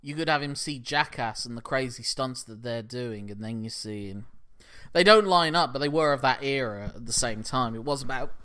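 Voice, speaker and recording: Animated man, bright voice. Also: mid-range voice, moderate pace, clear, resonant tone. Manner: animated, acts out scenes, swears. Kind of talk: casual chat.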